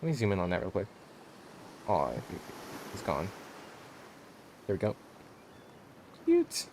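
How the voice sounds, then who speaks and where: A man's voice: sits low, animated, moderate pace, darkish tone, a little hiss or hum. A man casually reading through a dating game, joking and often correcting himself. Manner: playful, joking, frequent self-corrections. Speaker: game streamer reading all parts. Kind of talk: casual game playthrough commentary. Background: music.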